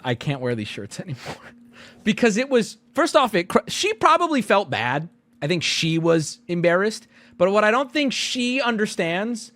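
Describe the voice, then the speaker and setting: A man streaming, telling a story to his chat in a casual, animated way, jumping between loud outbursts and low mutters. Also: no echo.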